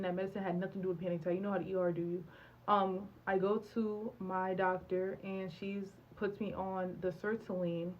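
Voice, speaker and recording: A young woman vlogger, telling a personal story in a candid, animated way and acting out bits of dialogue. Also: mid-range voice, highs cut off. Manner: animated, candid, acts out dialogue with many fillers. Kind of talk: storytime vlog.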